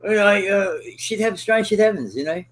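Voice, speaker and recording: A man's voice: sits high, lively intonation, brisk, low-quality recording. A man chatting casually on a livestream, rambling and ranting with constant swearing. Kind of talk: casual chat.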